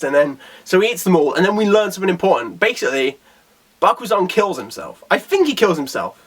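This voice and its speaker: A man's voice: high voice, sing-song, brisk, breathy edge. A man giving a casual, rambling video review of a comic chapter, with lots of fillers and restarts.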